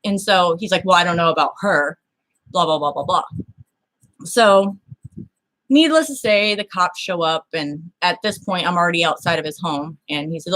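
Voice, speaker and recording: A woman's voice: fairly low pitch, moderate pace. Blunt, foul-mouthed woman telling a story. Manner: blunt and profane, swears freely; animated, acts out the people in her story. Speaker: show's star telling a personal story. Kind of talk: casual storytelling.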